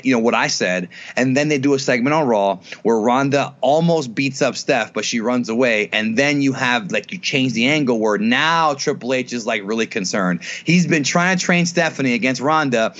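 A man co-hosting a casual wrestling podcast, animatedly pitching booking ideas with many restarts. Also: expressive, normal speed, few pauses, a bit bright, highs cut off. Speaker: podcast co-host.

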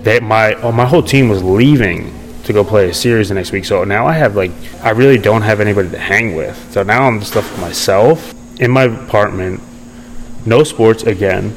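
A man's voice: fairly low pitch, moderate pace, slight background noise, rough recording. A young man telling his story in a casual interview, rambling with many fillers and restarts. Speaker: podcast guest.

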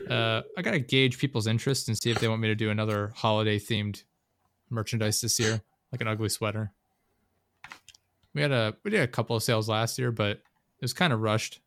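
Casual young male podcast host, relaxed and profane, dry close-mic sound. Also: fairly low pitch, creaky, no room sound. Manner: loose and profane, retelling scenes with quick impressions. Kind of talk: casual chat.

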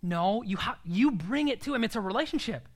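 A man's voice: sits high, lively intonation, fairly quick. A young man preaching a sermon in an earnest, emphatic way, sometimes dropping to a near-whisper.

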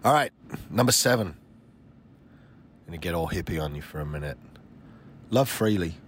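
A man's voice: very deep voice, lively intonation, a little fast, fairly bright tone, a little hiss or hum. A man in his forties hosting a solo podcast, talking in a blunt, emphatic way with frequent swearing. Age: 40s. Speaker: podcast host.

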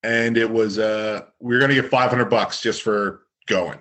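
A man's voice: on the low side, normal speed. Laid-back young Canadian man telling stories. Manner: relaxed, rambling, many "like" fillers. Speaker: guest, former hockey fighter. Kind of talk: casual storytelling interview.

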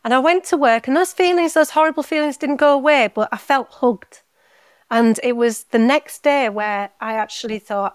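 Woman on a podcast, fairly high voice, dry close sound, heartfelt and halting. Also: clean tone, dry recording. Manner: heartfelt, halting with repeated words. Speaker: podcast guest. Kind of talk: emotional personal story in casual chat.

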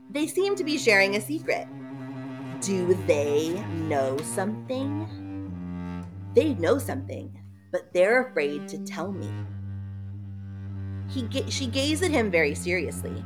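A woman co-hosting a podcast, retelling a story in an animated, giggly way. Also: medium pitch, a little slow, over music. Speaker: podcast co-host recapping a book. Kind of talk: casual comic retelling.

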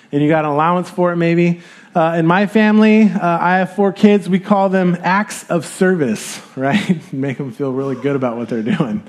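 A man in his thirties giving a sermon, explaining scripture in a relaxed, conversational way with fillers. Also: sits high. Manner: light chuckles and filler sounds. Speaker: pastor.

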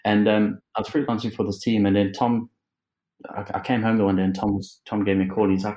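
A man's voice: on the low side, flat delivery, fast talker, mellow, low-quality recording. A South African man chatting as an interview guest, rambling with many fillers, laughing often and swearing casually.

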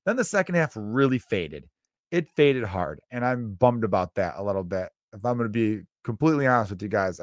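A podcast host in his thirties, with a mid-range voice recorded dry and clean in a studio, delivers a casual comedic monologue. His rambling story is profane and self-mocking.

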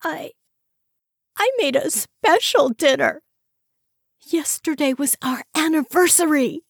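A woman reading a story, voicing a hungover, hurt wife who croaks and pleads in a hoarse voice. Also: high-pitched, lively intonation, takes it slowly, no echo, clean studio sound, pitched above the performer's own voice, exaggerated voice. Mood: upset.

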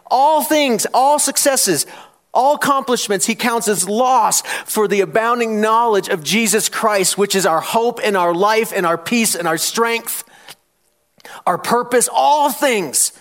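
A man preaches in church in a high voice at a slightly slow pace. Reading scripture forcefully, he asks the congregation questions for them to answer, his call-and-response escalating into loud challenges.

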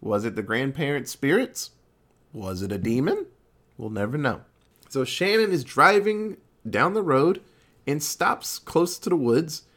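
A man casually recapping a film plot, swearing freely and acting out the characters' lines in quick put-on voices. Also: fairly high pitch, a bit bright. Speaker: podcast co-host recapping a film. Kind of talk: casual chat.

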